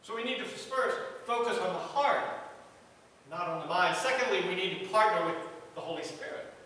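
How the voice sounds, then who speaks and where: Man, pastor, earnest sermon, bright tense voice, distant mic, long church reverb. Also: high voice, lively intonation, moderate pace, a little hiss or hum. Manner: earnest, repetitive preaching cadence. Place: church sanctuary. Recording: echoey church hall from far off.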